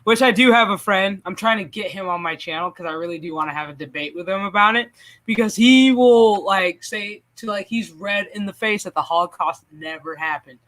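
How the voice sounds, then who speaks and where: A man hosting a casual stream chat, animated and profane, laughing often as he talks. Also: high-pitched, brisk. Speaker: channel host.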